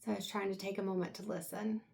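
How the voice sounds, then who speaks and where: A woman giving an intuitive tarot reading, talking softly and reflectively with pauses, at times close to tears. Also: medium pitch, level tone, creaky. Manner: soft, reflective, halting with pauses. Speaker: tarot reader.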